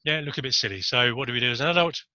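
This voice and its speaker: A man's voice: medium pitch, very fast, bright, forceful tone, no echo, dull audio. A man giving a casual, rambling talk to camera on body language, with jokey asides.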